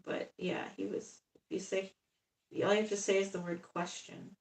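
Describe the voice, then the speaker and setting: Brief: rambling woman in her fifties live-streaming her crafts, gravelly voice, echoey room. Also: medium pitch, little pitch movement, normal speed. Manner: rambling, chatty, laughs often. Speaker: doll artist live-streaming. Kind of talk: casual live stream chat. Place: home room. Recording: echoey room, far from the mic.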